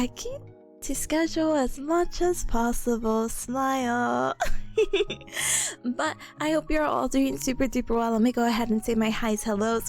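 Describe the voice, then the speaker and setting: A young woman streamer chatting casually on a livestream, bubbly and playful, her voice hoarse from coughing. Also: sits high. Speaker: VTuber streamer. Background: faint background music.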